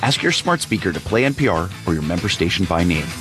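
A man's voice: low-pitched, very animated, quick pace, loud music behind the voice. A man hosting a radio news program, introducing reports and interviewing a reporter in a studio. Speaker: news host. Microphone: studio microphone.

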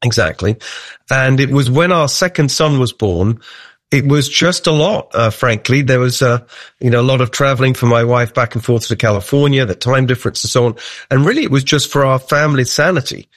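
A man's voice: medium pitch, a little fast, dry recording, studio quality. A middle-aged British man answering interview questions as a political candidate, chatty and hesitant, with frequent fillers and restarts. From United Kingdom. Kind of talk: radio interview.

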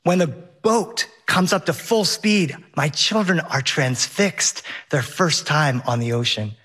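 A man's voice: on the high side, takes it slowly, sharp tone, breathy edge. A man telling a first-person story on stage, with vivid and well-paced narration.

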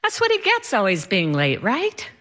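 A woman telling a personal story with animated, comic timing. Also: medium pitch, normal speed.

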